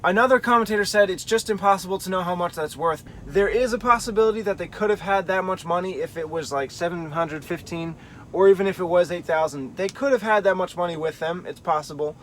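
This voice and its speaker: Guy with a slightly high voice walking thru a bible study, thinking out loud. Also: quick pace, slight background noise. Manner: thinking aloud, weighing options carefully. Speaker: Bible teacher. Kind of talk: explanatory Bible study talk.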